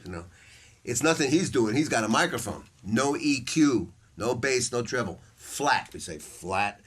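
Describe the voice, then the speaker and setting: A man's voice: mid-range voice, normal speed, husky. An older man giving a saxophone masterclass to a live audience, telling stories in a casual, profane way, acting out voices and laughing often. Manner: animated, acts out quoted voices, laughs often. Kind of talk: casual, profane storytelling lecture. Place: music store hall with a small audience. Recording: faint background noise and clicks.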